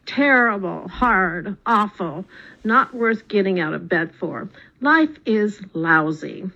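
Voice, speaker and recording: Gloomy grumbling poor farmer man, voiced by a woman, lower and heavy, muffled radio sound. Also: expressive, takes it slowly. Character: grumbling poor old-world male farmer.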